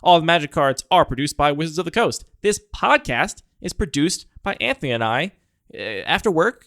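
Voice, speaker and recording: A man co-hosting a podcast chats casually, joking and poking fun at himself. His voice is fairly high, lively and fairly bright, moving at a normal pace. The recording is studio quality with no room sound.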